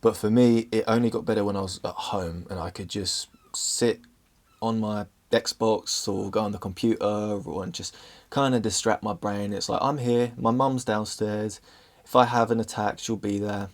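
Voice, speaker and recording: A man's voice: on the low side, fairly even intonation, moderate pace. A young English man telling a personal story to camera in an earnest, open way, now and then tripping over his words. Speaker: vlogger.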